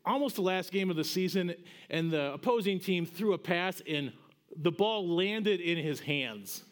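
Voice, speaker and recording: A middle-aged man preaching a sermon as pastor, conversational and animated, building to emphatic peaks. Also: sits high, a little slow.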